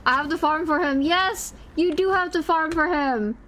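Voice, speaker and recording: A woman's voice: sits high, moderate pace, fairly bright tone, a little hiss or hum. A woman live-streaming a game, chatting to her viewers in a rambling, chatty way and squealing when startled. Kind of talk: casual live-stream chat. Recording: game music behind the voice.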